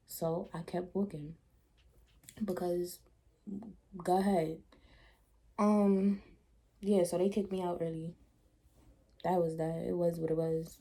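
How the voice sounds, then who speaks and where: Young woman vlogger, mellow husky low voice, blunt lively storyteller. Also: slow pace, long pauses. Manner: blunt, animated retelling with slangy asides. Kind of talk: casual storytime chat.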